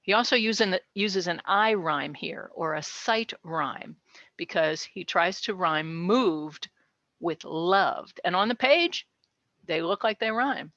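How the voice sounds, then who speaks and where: A woman's voice: lowish voice, lively intonation, takes it slowly, a bit bright, no room sound, dull audio. A woman researcher giving a casual, chatty educational talk on poetry, with light laughs and asides.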